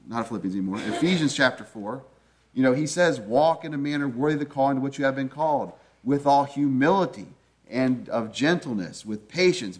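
A man with a mid-range voice preaches a sermon, teaching in an earnest, conversational way and frequently posing rhetorical questions to his listeners.

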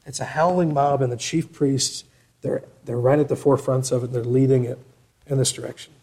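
A man preaching a sermon, asking rhetorical questions and swinging between loud emphatic passages and quiet ones. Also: medium pitch, fairly even intonation, a little fast. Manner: rhetorical questions, rising for emphasis then dropping soft.

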